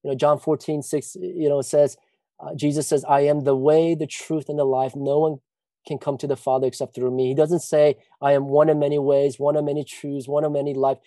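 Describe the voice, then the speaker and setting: A man's voice: fairly high pitch, little pitch movement, a little fast, dark tone, dry recording. Guy preaching at a church retreat, earnest, lots of "you know", dry close sound. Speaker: pastor. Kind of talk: sermon.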